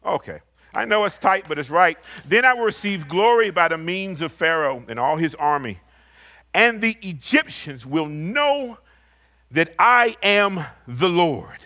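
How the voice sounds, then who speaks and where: A man preaching a sermon and reading scripture aloud, swinging from loud emphatic rises to low, quiet asides. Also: sing-song. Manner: reads scripture aloud slowly.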